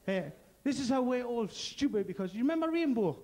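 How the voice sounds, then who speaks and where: A man's voice: very high-pitched, expressive, fairly quick, darkish tone, a little hiss or hum. A man from Gateshead with a Geordie accent doing a crude, punchy stand-up set and bantering with the crowd. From Gateshead, North East England. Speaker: stand-up comedian.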